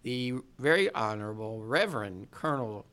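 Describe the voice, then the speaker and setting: A man's voice: fairly low pitch, lively intonation, moderate pace, fairly bright tone. A man hosting a comedy podcast, teasing his co-hosts in laid-back casual chat. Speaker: podcast host.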